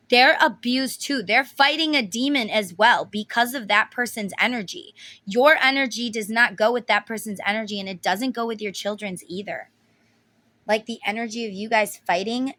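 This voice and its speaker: Woman tarot reader, casual, blunt and emotional, swears a lot, bright edgy tone. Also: a little high, no echo. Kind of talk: casual tarot reading video.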